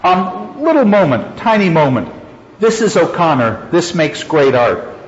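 Male lecturer, reflective, slightly high voice, dull lo-fi recording with long hall reverb. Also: big pitch swings. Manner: reflective, slows down to stress phrases. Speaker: literature lecturer. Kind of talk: lecture with read-aloud passages. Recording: echoey hall, dull lo-fi sound.

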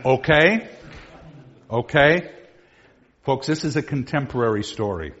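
A man lecturing on literature in a lively classroom style, animated and joking, with a theatrical delivery. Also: medium pitch, unhurried. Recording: dull lo-fi recording.

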